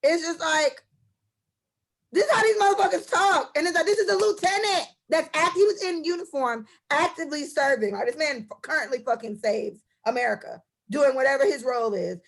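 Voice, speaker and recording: A woman's voice: high-pitched, fairly quick, hardly any pauses. A young woman co-hosting a casual podcast, telling stories in an impassioned, profane way. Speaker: podcast co-host.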